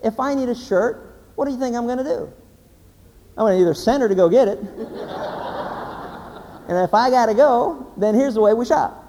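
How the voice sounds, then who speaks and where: A man, a pastor, giving a humorous sermon as an animated, joking storyteller. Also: very high-pitched, moderate pace, pauses often. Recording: hall reverb, faint background noise.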